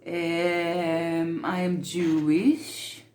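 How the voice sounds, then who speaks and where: A woman's voice: on the low side, little pitch movement, very slow, darkish tone, a little hiss or hum. An actress playing a shy woman on camera for the first time, talking hesitantly with many restarts in an improvised monologue. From Israel. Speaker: fictional interviewee speaking to camera. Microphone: camera mic.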